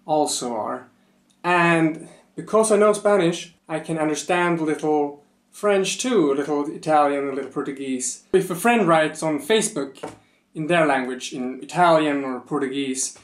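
Slow, unhurried Swedish-accented man. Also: on the high side, echoey room. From Sweden. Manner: plain, explanatory, personal. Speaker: language teacher. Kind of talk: casual video lesson.

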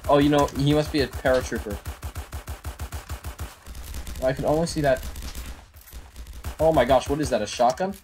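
A young man giving excitable live commentary while playing a shooter game at home on a desktop microphone. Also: medium pitch, moderate pace, pauses often, faint music behind. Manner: excitable, reactive, frequent exclamations. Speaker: gaming YouTuber.

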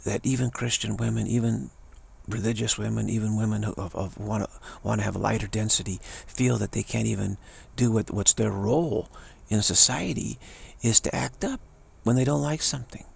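A man with a gravelly, husky voice giving a rambling spiritual monologue, often restarting phrases and mocking the voices of others. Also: fairly low pitch, steady tone, normal speed, darkish tone.

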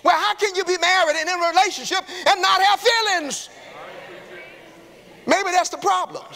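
A man preaches a sermon in a church sanctuary. His voice sits very high and sounds bright and forceful. A long hall reverb trails every phrase, and he calls out to the congregation and rises to shouts. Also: normal speed. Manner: call-and-response preaching, rising to shouts.

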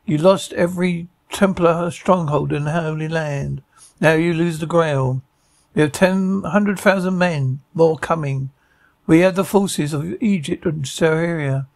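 A hard, threatening envoy of a besieging army, speaking in cold, blunt demands, as a man reads him in a plain voice. The voice sits a little high and grates with a gravelly edge. It is recorded dry and close. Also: unhurried, a little mellow, dry recording. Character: menacing male enemy envoy demanding surrender.

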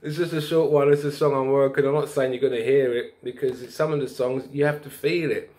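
A man's voice: medium pitch, fairly quick. Preachy man telling a story. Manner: preachy, lively storyteller who sings snatches and laughs. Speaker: vlogger. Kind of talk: rambling spiritual storytelling.

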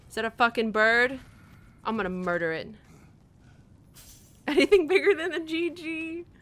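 Woman streamer swearing at a game, bright high voice, slow drawl. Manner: profane, frustrated, rambling. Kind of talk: casual gameplay commentary.

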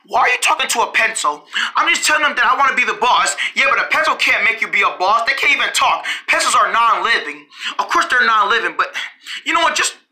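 Super bright voice jumping all over in pitch, bossy playful back-and-forth between characters. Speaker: storyteller voicing several characters. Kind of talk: playful improvised character play.

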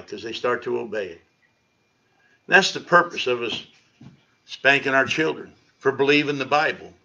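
Heard through lo-fi livestream audio, this pastor delivers a sermon in his church sanctuary with a medium-pitched, creaky, bright and forceful voice. His style is conversational, dotted with sarcastic asides.

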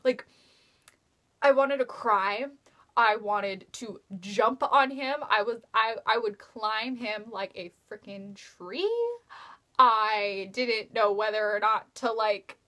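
A woman's voice: mid-range voice, fairly even intonation, slow, bright, forceful tone. A young woman telling a fan story in a casual vlog, giddy and gushing, with breathless squealing outbursts. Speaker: fan vlogger. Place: bedroom at night.

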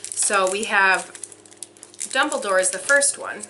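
A young woman excitedly unboxing a subscription box for her vlog, gushing and exclaiming as she goes. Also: mid-range voice, slow, slight background noise. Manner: gushing, breathless, frequent exclamations.

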